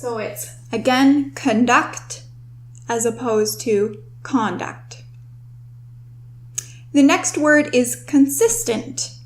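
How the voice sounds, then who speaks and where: A young woman hosting a vocabulary lesson, explaining words in a clear, instructive way and slowing down to stress key terms. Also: high voice, a little mellow. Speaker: host and writing tutor.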